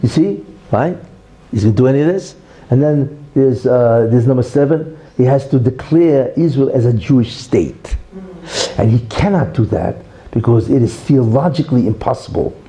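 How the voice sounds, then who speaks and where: A man teaches as a rabbi in an emphatic lecture, tagging point after point with "right?" and "you see". His voice is very dark and mellow, yet his pitch leaps around in a lively, animated way. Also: moderate pace, rough recording. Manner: teaches through a parable, acting out the quarrel in raised voices. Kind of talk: religious lecture.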